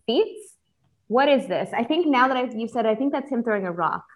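A woman's voice: a little high, lively intonation, fairly quick, a little hiss or hum. A woman co-hosting a podcast in casual chat, playful and reactive, asking lots of questions. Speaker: podcast co-host.

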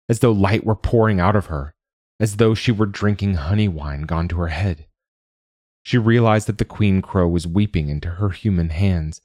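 A man reading a fantasy story aloud in a measured, deliberate way as a podcast narrator. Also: low voice, a little mellow, no room sound, studio quality. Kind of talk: scripted narration.

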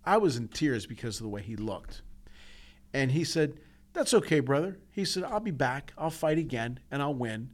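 An earnest man co-hosting a podcast, telling personal stories from the heart. His talk is casual and full of restarts and repeats. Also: medium pitch. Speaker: podcast co-host.

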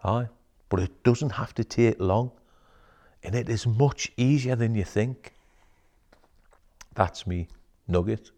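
A man, a coach, chatting casually as a guest in an interview, animated and sweary, dropping "aye" and "mate.". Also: mid-range voice, slow, long pauses. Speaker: guest, emotional intelligence coach. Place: wellness centre.

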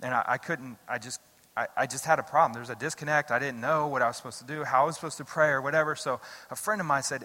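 A man's voice: medium pitch, fast, in a large hall. A middle-aged man preaching a sermon as a pastor, telling stories in a loose, conversational way with lots of restarts. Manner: conversational, animated storytelling with repeated restarts.

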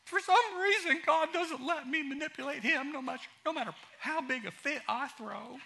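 A man's voice: very high voice, normal speed, vocal fry, noisy background, pitched above the performer's own voice. A man voicing a whiny, self-pitying grown man who casts himself as the victim and wails his complaints. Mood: sulky defiance. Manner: whining, wailing complaints.

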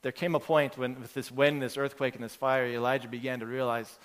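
A man's voice: medium pitch, little pitch movement, fairly quick, hardly any pauses. A man preaching a sermon as pastor, in a conversational, earnest way, building his points from everyday examples. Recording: long hall reverb.

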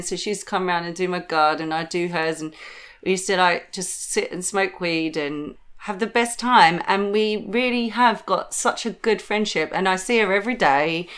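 A woman comedian in casual conversation, telling stories with lots of giggling and animated asides. Her voice sits in a middle pitch, and she keeps the talk loose and chatty. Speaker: comedian guest. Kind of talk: casual chat.

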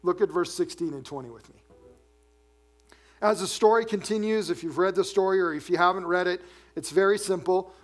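A man preaching a sermon as pastor, animated, dropping low and soft to read scripture. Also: a little fast.

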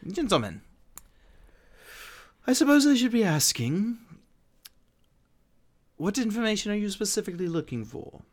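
A man's voice: high-pitched, sing-song, moderate pace, pauses often, pitched above the performer's own voice. A man playing a grimy sewer rat-master. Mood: hesitant. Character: grimy sewer-dwelling male rat-master who commands rats.

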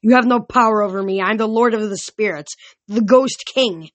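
A woman's voice: medium pitch, brisk, no room sound, lightly acted. A woman voicing a wrathful male ghost king who sneers and commands, while reading a novel aloud. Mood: sneering.

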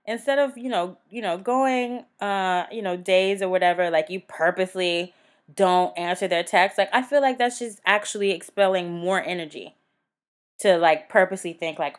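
A woman with a Southern US accent co-hosting a casual chat podcast, laughing often and acting out quick asides. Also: mid-range voice. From American South. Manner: laughs often, animated, drifts into voiced asides. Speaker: podcast co-host.

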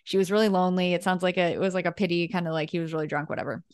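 A woman's voice: on the low side, flat delivery, very fast, clean tone. A woman co-hosting a podcast in casual chat, talking with frequent laughs and fillers. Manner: chatty, laughs often, many fillers. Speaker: podcast co-host.

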